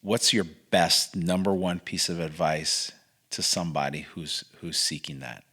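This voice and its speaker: Deep-voiced male podcast host. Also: measured pace, husky. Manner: gentle, with short affirming replies. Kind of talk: interviewing a guest.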